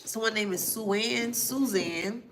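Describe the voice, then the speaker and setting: With a slightly high voice and a measured pace, a woman gives a psychic reading to camera against a noisy background. She calls out names and places she says she hears, spelling some of them letter by letter.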